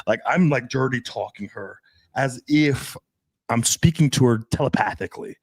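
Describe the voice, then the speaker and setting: A man's voice: medium pitch, moderate pace, gravelly, breathy edge, no echo. A male dating coach talks through a podcast chat, swinging his voice up and down as he pushes his points. He swears freely and speaks in a middle register. The room is dry and close. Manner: animated, profane, emphatic.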